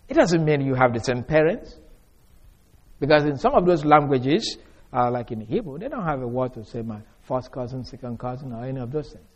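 A man teaching through a Bible passage verse by verse, leaning hard on key words and dropping to a quiet aside, often restarting his phrases. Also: medium pitch, highs cut off. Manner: emphatic, stretches key words, swings from loud to soft. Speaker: preacher.

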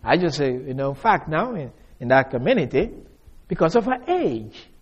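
Male preacher, slightly raised pitch, emphatic, swings loud to soft, verse-by-verse teaching. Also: big pitch swings, moderate pace, slightly rough, highs cut off. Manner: repeats and restarts phrases.

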